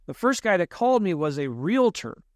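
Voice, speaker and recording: A man with a fairly high voice tells a story on a podcast, mocking his younger self and acting out the other people's lines. The sound is dry and close, with no room echo. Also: normal speed. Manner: animated, self-deprecating storyteller who acts out quoted lines. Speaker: real estate investor guest.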